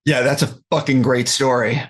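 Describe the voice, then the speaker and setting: A man interviewing a guest, asking relaxed, curious questions and swearing now and then. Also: medium pitch, normal speed, breathy edge.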